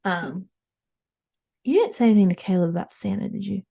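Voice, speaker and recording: A woman playing a frazzled, gossipy, well-off mom who hosts an improvised comedy podcast and rambles through animated stories with acted-out quotes. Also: medium pitch, a little fast, creaky. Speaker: podcast host character.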